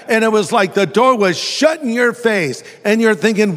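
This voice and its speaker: A pastor with a high, bright voice preaches to a congregation. He jokes and acts out the voices as he tells the story. His words ring out with a long reverb through a big hall. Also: expressive, moderate pace. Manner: humorous storytelling, acting out voices. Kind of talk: sermon.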